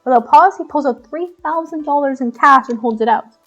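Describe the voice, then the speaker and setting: A woman streams herself reading a visual novel aloud, narrating playfully and giggling at her own stumbles. Her voice sits high. Faint music plays behind her. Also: a little fast, fairly bright tone, muffled recording. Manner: giggly, playful, self-mocking.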